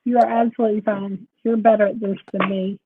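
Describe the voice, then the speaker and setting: A woman co-hosting a casual live-stream chat, talking in a calm, supportive way with frequent ums. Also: medium pitch, fast, phone-quality sound, a little hiss or hum. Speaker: co-host.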